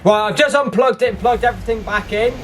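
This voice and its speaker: A man commenting on a racing game while he plays, excitable and quick to burst into frustrated shouts. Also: high voice, slight background noise. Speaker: gaming YouTuber.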